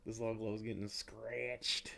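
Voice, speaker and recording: A man's voice: lowish voice, level tone, slow, vocal fry, sharp tone. A young man hosting a podcast in a casual, rambling way, swearing and mocking himself often. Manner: rambling, self-mocking, swears and laughs a lot. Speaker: podcast host.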